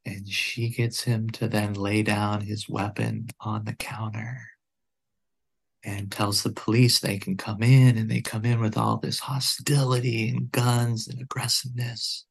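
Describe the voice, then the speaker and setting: Gravelly-voiced man telling a story. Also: fairly low pitch, flat delivery. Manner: earnest, measured storytelling with many restarts. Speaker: podcast guest. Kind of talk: storytelling in conversation.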